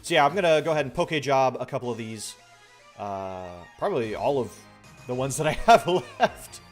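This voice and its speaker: A man's voice: mid-range voice, moderate pace. A man streaming a game, chatting casually and rambling to his viewers, his throat a little strained. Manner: relaxed, rambling, talks to chat. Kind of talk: casual gaming stream chat. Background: faint background music.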